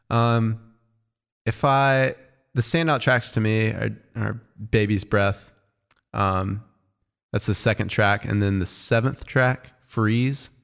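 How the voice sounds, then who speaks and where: Male co-host, fry in the voice, casual music chat, keen but halting. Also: fairly low pitch. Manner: enthusiastic but halting, with many ums. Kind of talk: casual album review chat.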